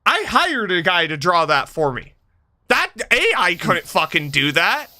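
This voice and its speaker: A man in his thirties hosting a game stream, his talk casual and full of cursing and laughter. His voice sits high and swings widely, with a very bright, sharp edge. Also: measured pace. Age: 30s. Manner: animated, profane, laughs often. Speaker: streamer host. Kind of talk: casual chat while gaming.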